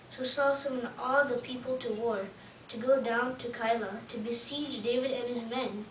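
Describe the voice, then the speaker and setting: A woman reads scripture aloud steadily and fluently, a little high-pitched with very little rise and fall. She sounds distant, in a roomy, echoing space with faint ambience behind her. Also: fairly even intonation, moderate pace, a bit bright, slight background noise. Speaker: student reader. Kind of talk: scripture reading.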